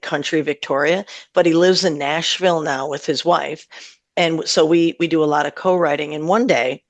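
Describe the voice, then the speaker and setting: Woman with a gravelly edge, dry close sound, chatty singer-songwriter guest, laughs a lot, middle-aged. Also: deep voice, no echo. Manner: chatty and warm, laughs often, rambles with fillers. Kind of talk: casual interview chat.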